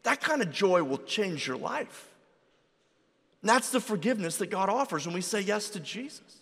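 A man preaching a sermon in a relaxed, conversational storytelling way, acting out the voices of people in his stories. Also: high-pitched, normal speed, slightly rough. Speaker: pastor. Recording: reverberant hall.

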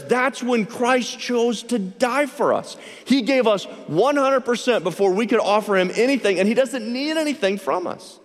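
A higher-voiced man preaches an earnest sermon in a church sanctuary. He leans on key words and slows down to stress them. His voice rings out with the long reverb of a big hall. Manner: earnest, emphatic preaching with slow stressed phrases. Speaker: pastor.

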